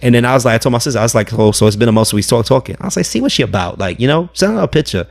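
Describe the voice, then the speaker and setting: Fast-talking New man telling a story. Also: mid-range voice, lively intonation, gravelly. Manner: rambling storyteller, quotes people in his own voice. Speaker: podcast guest. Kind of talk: casual storytelling chat.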